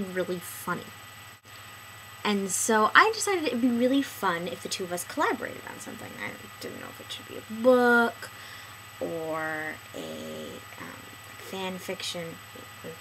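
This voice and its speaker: Early 20s girl vlogging to camera, super lively up-and-down voice, chatty, bursts of excitement then quiet mutters. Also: medium pitch, slight background noise, rough recording. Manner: animated, chatty, swings between excited bursts and quiet asides. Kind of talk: casual vlog monologue.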